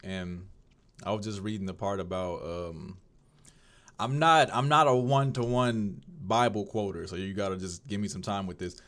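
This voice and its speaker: Lower-pitched man talking through his faith. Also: normal speed, fairly bright tone. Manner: rambling, conversational, searching for words. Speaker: video diarist. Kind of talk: casual reflective talk on faith.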